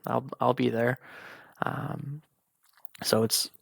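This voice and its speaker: A man's voice: medium pitch, little pitch movement, slow, gravelly, fairly bright tone, no echo. A young man hosting a podcast, talking candidly and informally about his own life, quoting friends and family and swearing at times. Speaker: podcast host. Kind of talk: personal monologue.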